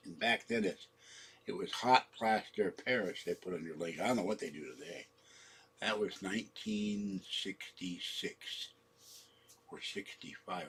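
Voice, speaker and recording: Husky older man rambling through a story. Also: lowish voice, fairly bright tone. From San Francisco. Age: 70s. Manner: meandering, trails off and corrects his own words. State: coughing, hoarse throat. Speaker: channel host.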